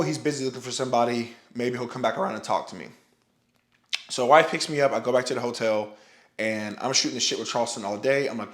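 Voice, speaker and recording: Young guy rambling thru a story, lots of likes and restarts, some swearing, echoey room. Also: mid-range voice. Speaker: powerlifter telling a story. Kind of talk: casual storytelling to camera. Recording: roomy echo.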